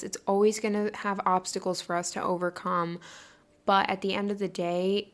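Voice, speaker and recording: Young adult woman, podcast host, earnest and encouraging, casual and rambling. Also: lowish voice. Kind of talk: casual motivational monologue.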